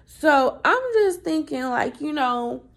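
A young adult woman hosting a podcast, telling a story in a chatty, animated, profane way. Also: sits high, takes it slowly. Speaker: podcast host. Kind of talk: casual storytelling monologue.

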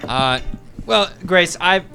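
A sleazy, blustering husband, stammering and rambling with crude asides. His voice sits a little high for a man. It is a comedy audio sketch. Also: lively intonation, slow pace, creaky, bright, forceful tone, soft background music, full character voice. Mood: confessing.

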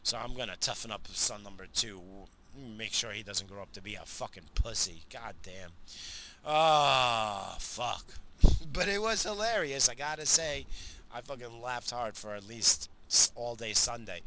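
A man's voice: medium pitch, lively intonation, unhurried, sharp tone, slight background noise. A middle-aged man telling a story in a casual monologue, rambling and profane, laughing at his own tale.

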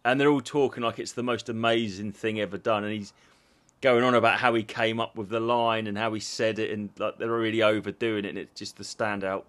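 A man's voice: on the low side, fairly even intonation, brisk, a bit bright. A man co-hosting a casual chat show, telling rambling anecdotes that trail off. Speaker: co-host.

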